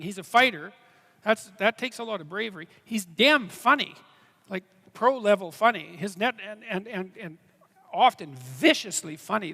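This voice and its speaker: A man answering questions on stage at a live event, earnest and halting, with many restarts. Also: sits high, gravelly, a bit bright. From Canada. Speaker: guest speaker. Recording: reverberant hall.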